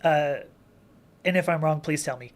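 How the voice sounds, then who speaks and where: A woman's voice: deep voice, normal speed. A woman hosting a casual livestream Q&A, chatting and reading viewer comments aloud with frequent laughs and restarts. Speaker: livestream host answering chat questions.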